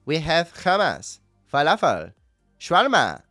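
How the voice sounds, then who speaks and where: A man voicing a loud, crude male restaurant ad pitchman with a put-on accent, pitched well above his own voice. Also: huge pitch swings, a little slow, no echo, soft background music, full character voice. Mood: hyped sales pitch.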